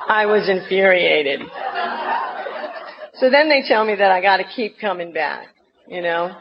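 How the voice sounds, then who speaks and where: A woman's voice: mid-range voice, lively intonation, unhurried. A middle-aged woman with a New Jersey accent tells a humorous personal story as a recovery meeting speaker, acting out her past outbursts. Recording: dull lo-fi recording with faint noise.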